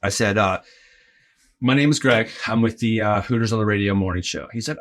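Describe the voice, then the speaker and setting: Guy in his 40s on a podcast telling a wild story, bright punchy voice, does all the voices, says like a lot. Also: on the low side, fairly quick. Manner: animated, acts out quoted voices, lots of "like" and "right?". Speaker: podcast guest, arena in-game host. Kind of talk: casual anecdote telling.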